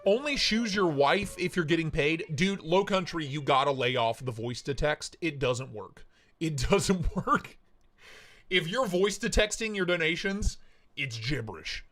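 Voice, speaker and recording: A man hosting a casual live stream, playfully greeting chatters by name with jokey shout-outs. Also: a little high, animated, measured pace. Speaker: livestream host.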